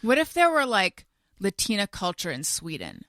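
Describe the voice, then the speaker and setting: A woman tells chatty anecdotes in a casual podcast chat. Her voice is bright and sits at a middle pitch. The sound is dry and close. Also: huge pitch swings, moderate pace, no echo. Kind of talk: casual storytelling.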